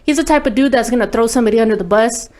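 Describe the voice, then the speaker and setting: A woman's voice: a little high, racing, a little mellow. A woman guest on an interview show, telling a personal story candidly and bluntly, swearing freely and saying "like" often. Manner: blunt, profane, heavy use of "like". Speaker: guest recording artist.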